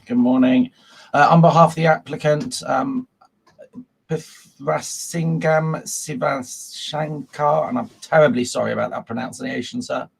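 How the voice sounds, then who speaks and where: A man chairs a formal virtual council meeting, talking through procedural points at a mid pitch. His voice is husky, with a gravelly fry at the ends of phrases, and he fills pauses with ums and uhs. He is heard through a video call mic. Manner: reads procedural script with frequent ums and uhs.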